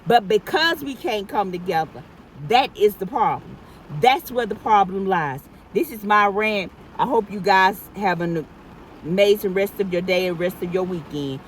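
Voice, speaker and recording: A woman's voice: medium pitch, expressive, normal speed, a little hiss or hum, low-quality recording. Woman ranting emphatically in a car. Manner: emphatic, repetitive, preachy. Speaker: vlogger. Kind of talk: casual car rant to camera. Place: inside a parked car in heavy rain.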